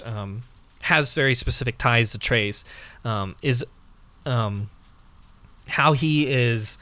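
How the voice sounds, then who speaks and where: A man's voice: mid-range voice, fairly bright tone, no room sound. A man co-hosting a casual video game discussion, talking in a hesitant way with many fillers and restarts.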